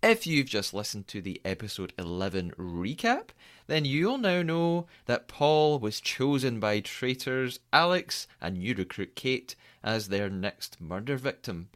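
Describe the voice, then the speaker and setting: A man's voice: medium pitch, sing-song, measured pace, a bit bright. A man hosting a podcast, chatting casually and laughing often with his guest. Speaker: podcast host. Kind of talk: casual interview chat.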